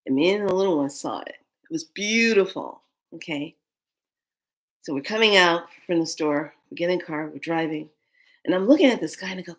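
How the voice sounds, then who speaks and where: A woman chatting excitedly as she gives a spiritual card reading, often repeating words for emphasis. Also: fairly low pitch, moderate pace, long pauses. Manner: animated and excitable, breaking into whispers and laughs.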